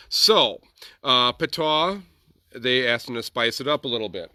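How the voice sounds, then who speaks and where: A man's voice: mid-range voice, moderate pace, sharp tone, dry recording. A man, hosting a casual show and rambling through a story with chatty asides. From Wisconsin. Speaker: host. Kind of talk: casual chat.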